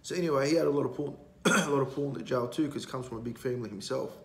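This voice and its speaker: Gravelly man, blunt and profane. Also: medium pitch, rapid-fire. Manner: blunt, heavily profane, rambling. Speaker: podcast guest. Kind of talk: casual storytelling. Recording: roomy echo, faint background noise.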